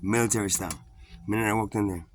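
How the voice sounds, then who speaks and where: A man's voice: on the low side, steady tone, quick pace, background noise. A man telling a casual personal anecdote in a rambling way, full of restarts, swearing and laughs between words. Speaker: storyteller.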